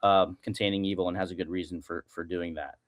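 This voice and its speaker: A man's voice: low voice, steady tone, fast. A man who is a podcast guest, explaining a philosophical argument step by step. He thinks aloud, uses many fillers, and keeps checking in with "right?".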